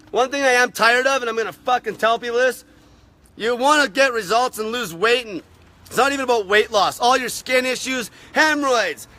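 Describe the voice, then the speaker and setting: A man hosting a live stream, ranting aggressively and swearing constantly, his voice wearing raspy. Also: extremely high pitch, pushed and bright. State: voice getting raspy from talking. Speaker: fasting channel host.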